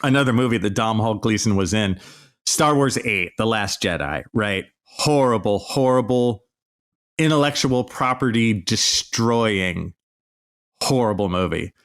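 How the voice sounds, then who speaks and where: A man's voice: fairly low pitch, expressive, measured pace, fairly bright tone. A man hosting a podcast, delivering an exasperated, sarcastic solo rant with plenty of swearing. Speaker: podcast host.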